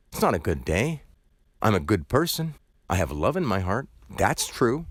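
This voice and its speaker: A shop worker recounting a run-in with a customer in an argumentative, ranting way. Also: male voice, sits low, very animated, moderate pace, dry recording, studio quality. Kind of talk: recounting a story to camera.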